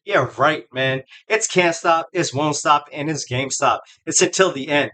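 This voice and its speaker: A man's voice: on the high side, normal speed, bright, forceful tone. A male host giving casual ranting commentary, mocking and profane, full of slang.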